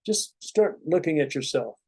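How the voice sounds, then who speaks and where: A man giving a relaxed, rambling spiritual talk to his students as a meditation teacher, speaking conversationally with many asides. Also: a little high, moderate pace, husky, no room sound.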